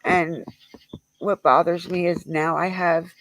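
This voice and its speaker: Grieving livestreamer, gravelly creaky voice, halting and rambling, dry close sound. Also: medium pitch, little pitch movement, fairly bright tone, no room sound, rough recording. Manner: halting, rambling, with many fillers and restarts. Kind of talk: emotional memorial livestream talk.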